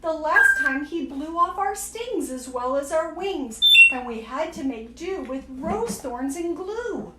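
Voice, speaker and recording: A woman's voice: high voice, animated, takes it slowly, hardly any pauses, echoey room, very noisy. A woman voicing a swarm of anxious, pleading bees in a storybook reading. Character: worried buzzing bees.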